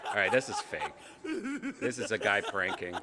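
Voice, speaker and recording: A man hosting a casual reaction video, cursing, laughing and shouting in exasperation at what he watches. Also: on the low side, moderate pace, very noisy. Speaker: host reacting to a video list.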